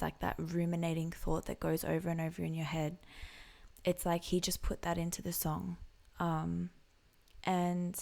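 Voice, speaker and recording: Woman reaction vlogger, gravelly low voice, reflective casual commentary, occasional hushed asides. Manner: reflective, soft-spoken, drifting into whispered asides. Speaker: music reaction vlogger and singer.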